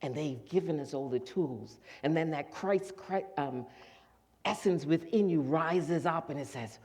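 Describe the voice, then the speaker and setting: In a church sanctuary, a minister delivers a sermon at an unhurried pace in a medium-pitched voice, telling the congregation a story. He's animated, acting out the voices of the story's characters.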